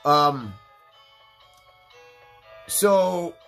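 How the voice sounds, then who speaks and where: A man's voice: a little high, expressive, extremely slow, gravelly, a bit bright, faint music behind. A young man hosting a let's play, chatting casually in a rambling, profane, laid-back way while stoned. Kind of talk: casual gameplay commentary.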